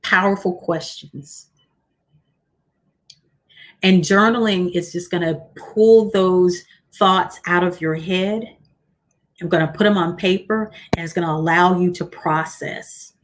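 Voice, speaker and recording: A woman's voice: on the low side, steady tone. Encouraging woman coaching on a livestream. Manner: warm, encouraging, repeats key lines slowly. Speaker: host and coach. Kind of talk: motivational livestream talk.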